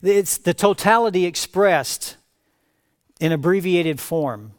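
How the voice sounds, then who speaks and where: Impassioned pastor with a higher voice. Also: male voice, lively intonation, slow pace, dry recording, clean studio sound. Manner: impassioned, swinging from raised emphatic cries to hushed low phrases. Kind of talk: sermon.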